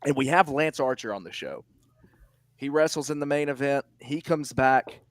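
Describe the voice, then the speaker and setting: A man's voice: medium pitch, moderate pace, dry recording, studio quality. A young man, a wrestling commentator, telling a story in casual podcast chat, acting out quotes and laughing often.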